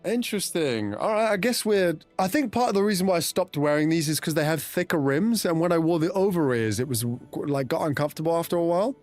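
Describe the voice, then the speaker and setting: Animated male streamer chatting with viewers. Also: a little high, fast talker, few pauses, faint music behind. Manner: chatty, reacting to viewer messages, often restarts. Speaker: streamer host. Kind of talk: casual live-stream chat, reading chat aloud.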